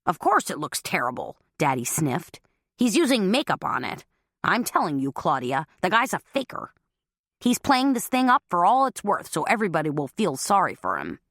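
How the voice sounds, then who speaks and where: Woman reading retired dad, blustery and gruff, lively pitch, dry close sound. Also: fairly quick, dry recording. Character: older retired father, blustery and proud.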